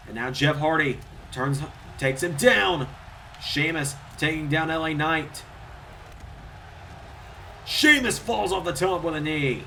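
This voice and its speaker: Excitable bright-voiced male wrestling commentator. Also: slow pace, gravelly, long pauses, a little hiss or hum. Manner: excitable, rises in pitch and volume at big moves. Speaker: play-by-play commentator. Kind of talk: solo video game wrestling commentary.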